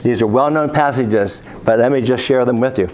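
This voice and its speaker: A man's voice: medium pitch, brisk, darkish tone. A man preaching a sermon, reading scripture aloud and asking his listeners rhetorical questions.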